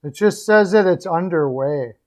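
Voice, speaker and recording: A man with a slightly high voice chats casually on his live stream. He rambles along easily with plenty of fillers, and his voice is getting worn and hoarse as he talks. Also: normal speed. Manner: relaxed, rambling sign-off with fillers. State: losing his voice.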